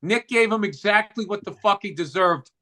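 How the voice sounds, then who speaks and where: A man co-hosting a casual comedy podcast, talking in a high, bright, forceful voice. He tells stories in an animated rush and swears constantly. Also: moderate pace. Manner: profane, animated storytelling. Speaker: podcast co-host.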